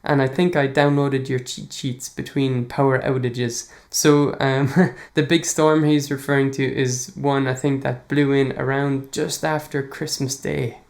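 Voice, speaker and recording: A man's voice: mid-range voice, level tone, a little slow, vocal fry. An enthusiastic man, chatting casually as a podcast host and reading listener emails aloud. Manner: enthusiastic, chatty, laughs often.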